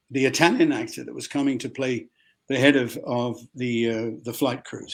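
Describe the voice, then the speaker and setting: An older man with an Australian accent, a guest actor telling lively anecdotes in an interview and acting out other people's voices. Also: mid-range voice.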